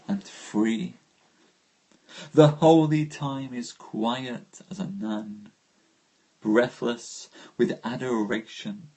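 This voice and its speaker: A man reads poetry aloud on a live stream, dreamy and drawn out. His pace is very slow and his voice sits at an ordinary middle pitch. Between poems he turns to greet viewers in an easy, chatty way. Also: darkish tone, slightly rough. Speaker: host reading poetry aloud.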